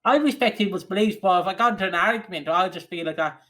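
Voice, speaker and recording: A man from Ireland co-hosting a podcast, joking and mocking himself in halting, stop-start casual chat. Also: high-pitched, bright, forceful tone. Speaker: podcast co-host.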